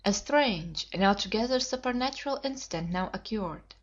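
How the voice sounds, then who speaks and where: A woman narrating an audiobook in a steady, measured reading. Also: medium pitch. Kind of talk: scripted narration. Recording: dull lo-fi audiobook recording.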